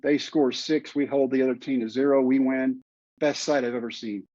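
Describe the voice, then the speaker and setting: A man's voice: medium pitch, fairly even intonation, normal speed, a little mellow, dry recording, muffled recording. A middle-aged man, a podcast guest, telling his story earnestly and repeating phrases for emphasis.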